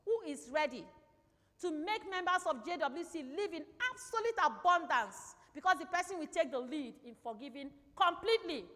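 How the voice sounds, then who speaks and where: High-voiced woman preaching in a reverberant hall. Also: lively intonation, normal speed, fairly bright tone. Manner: emphatic, repeats key phrases, asks the congregation questions. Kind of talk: sermon. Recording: long reverb in a large hall.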